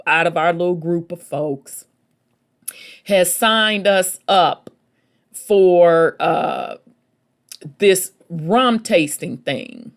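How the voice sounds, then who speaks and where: Woman, podcast host, unhurried delivery, folksy chatty storytelling. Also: fairly low pitch. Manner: chatty and folksy, calls listeners baby and y'all. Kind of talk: casual storytelling talk.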